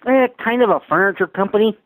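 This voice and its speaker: An easygoing young man co-hosts a casual podcast chat, answering briefly and laughing often. His voice sits slightly high, and the recording is dry with little room sound. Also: fast talker, no echo, narrow, tinny audio. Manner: easygoing, short replies, frequent laughs. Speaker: podcast co-host.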